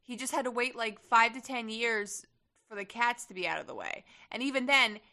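A young woman with a slightly high, gravelly, sharp-toned voice co-hosts a podcast at a moderate pace. She chats casually and rambles, using lots of fillers and the odd swear word.

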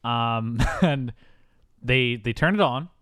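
A man's voice: mid-range voice, slow, fairly bright tone, smooth, no echo. A young man co-hosting a podcast, retelling a film scene by scene in a loose, rambling way full of fillers. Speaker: podcast co-host. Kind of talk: casual movie recap chat.

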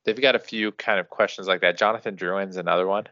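A man's voice: deep voice, fairly even intonation, quick pace, bright, forceful tone, no echo. A man co-hosting a hockey podcast in a laid-back, dry-humored way, with frequent restarts. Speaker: podcast co-host. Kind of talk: casual sports chat. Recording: dull dry lo-fi sound.

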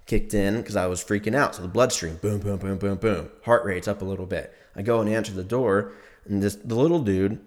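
Young man, casual storytelling, rambling and profane, laughs a lot, low-ish voice. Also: a little fast.

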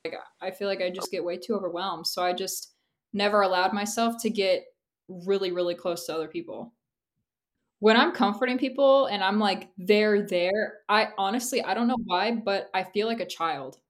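A woman's voice: medium pitch, moderate pace. A young woman co-hosting a podcast in casual chat, candid and rambling, laughing often and filling her talk with "like". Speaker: podcast co-host.

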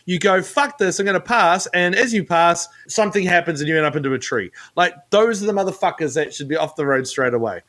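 Guy guest on a podcast, sweary animated rant, high voice. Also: fast talker, hardly any pauses. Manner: profane, animated ranting. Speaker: guest co-host. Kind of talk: casual podcast chat.

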